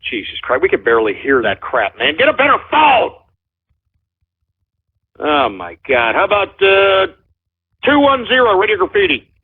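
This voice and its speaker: A man's voice: sits high, huge pitch swings, normal speed, long pauses, breathy edge. A man hosting a call-in radio show, ranting heatedly with lots of profanity and repetition. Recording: lo-fi phone-like sound.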